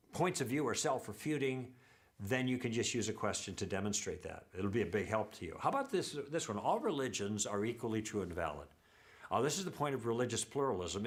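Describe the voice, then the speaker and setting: A middle-aged man leads a church teaching lesson in a mid-pitched voice with a very lively melody. He explains his points through anecdotes and briefly acts out what each person said. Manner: anecdotal, acts out quoted dialogue.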